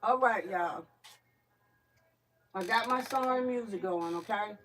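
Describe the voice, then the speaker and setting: A psychic card reader hosts a casual livestream card reading, chatting loosely with her viewers, repeating herself, and calling them y'all. Her medium-pitched voice is a bit bright and slow, with faint music behind her.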